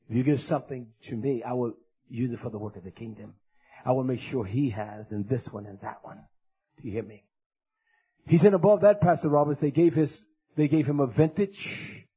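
A man pastor preaching a fiery sermon, swinging from loud shouted denunciations to low muttered asides. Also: slightly rough, muffled recording.

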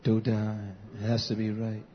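A male pastor preaching a fiery, scolding sermon, swinging from low mutters to shouts, on a dull lo-fi recording. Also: animated, normal speed.

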